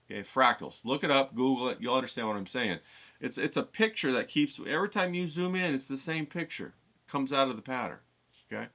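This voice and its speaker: Host for a writing lesson, profane and emphatic, lively swooping delivery, bright forceful tone. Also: male voice, mid-range voice. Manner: profane, emphatic, keeps asking "okay?". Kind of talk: casual lecture to camera.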